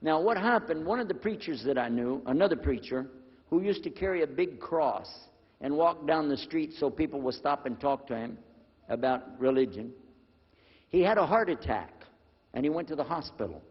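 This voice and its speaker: An older man telling a personal story to an audience, lively and acting out the dialogue in a husky voice. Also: on the high side, normal speed. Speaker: speaker telling his conversion story. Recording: dull lo-fi recording with long hall reverb.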